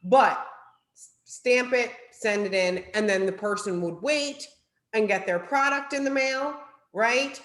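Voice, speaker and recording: A woman's voice: on the high side, a little slow, a bit bright, roomy sound. A woman with a New Jersey accent giving an upbeat, chatty sales training talk, often tagging her points with "right?".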